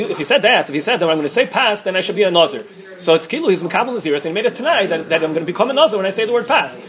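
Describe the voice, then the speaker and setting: Rapid-fire high-voiced rabbi teaching Talmud. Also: male voice, fairly bright tone. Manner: rapid, restarts often, mixes Hebrew-Aramaic terms. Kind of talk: quick Talmud study lecture.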